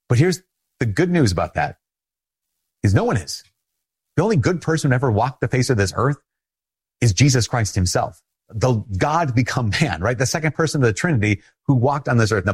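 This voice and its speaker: A man with a Minnesotan accent giving an earnest, conversational sermon as a Catholic priest, often repeating phrases and laughing softly. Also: fairly low pitch, slightly rough.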